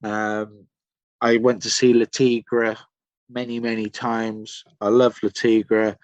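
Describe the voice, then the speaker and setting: A man's voice: fairly low pitch, flat delivery, slow pace, no room sound, dull audio. An English man from Somerset, a musician guest telling rambling, enthusiastic stories in a casual podcast chat. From Somerset, England. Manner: rambling, enthusiastic storytelling with many fillers.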